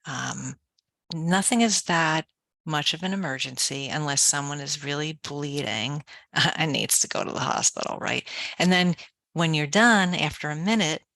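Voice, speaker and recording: An energetic woman author talks in an interview, moving between personal story and calm step-by-step coaching. Her voice is bright and forward with a gravelly fry at the edges. The sound is dry and close, with no room echo. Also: low voice, moderate pace. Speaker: author and podcast guest. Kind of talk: conversational interview, guided relaxation instructions.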